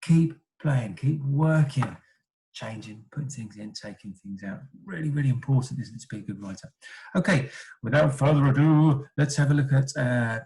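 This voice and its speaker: Gravelly male teacher. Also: mid-range voice, normal speed, darkish tone, poor audio. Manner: asks many tag questions like "isn't it?"; thinks aloud with frequent ums and self-corrections. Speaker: primary school teacher. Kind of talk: recorded writing lesson for children.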